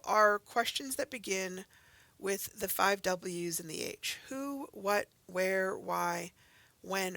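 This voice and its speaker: A woman's voice: mid-range voice, fairly bright tone, no room sound. A woman teaching a recorded grammar lesson, patiently explaining step by step with example sentences and checking in with "okay?" and "right?".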